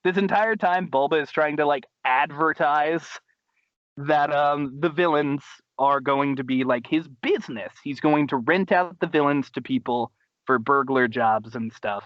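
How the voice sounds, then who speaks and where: A man hosting a podcast, casually recapping a cartoon episode in an animated way, laughing and acting out quotes. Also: unhurried, no echo, muffled recording. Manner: animated, laughing, acts out quotes in high voices. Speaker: podcast host.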